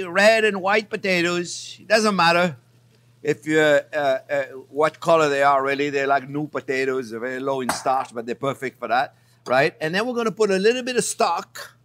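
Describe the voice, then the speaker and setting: A man hosting a cooking show in a kitchen, chatty and enthusiastic, talking to his viewers as friends. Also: a little high. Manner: animated, enthusiastic. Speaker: chef and cooking show host. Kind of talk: cooking demonstration.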